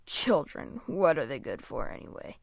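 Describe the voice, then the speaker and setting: A woman voicing a grouchy, cranky old rich man in a storybook reading, with a low grumbling snarl. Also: lively intonation, moderate pace, no room sound, studio quality.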